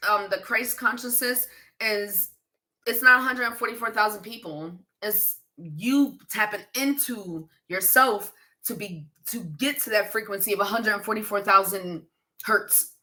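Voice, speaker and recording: A woman's voice: medium pitch, pushed and bright. A woman from Pennsylvania hosting a livestream as a psychic reader, chatting casually and bluntly, swearing and laughing often as she answers viewer comments. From Pennsylvania, USA.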